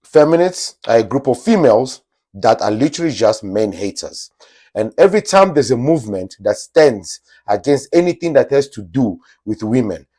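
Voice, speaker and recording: Lively emphatic man hosting a podcast. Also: medium pitch. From Angola. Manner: emphatic, repetitive, speaks straight to viewers. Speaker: podcast host. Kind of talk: opinionated podcast monologue.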